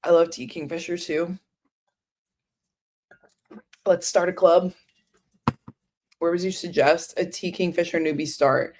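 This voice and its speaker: A woman's voice: fairly low pitch, fairly even intonation, unhurried, long pauses, a little mellow, slight background noise. A woman chatting casually on a book livestream, rambling with lots of fillers and answering viewers' comments. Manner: many fillers like "um" and "like". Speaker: book streamer.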